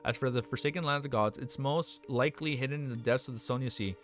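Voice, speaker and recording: Guy reading thoughtful man thinking out loud, mid pitch, quiet music behind. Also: quick pace, natural voice. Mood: musing.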